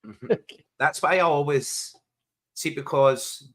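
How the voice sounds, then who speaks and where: A man's voice: a little high, slow pace. A Scottish man co-hosting a casual live football watch-along, joking in broad slang and laughing often. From Scotland. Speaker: co-host.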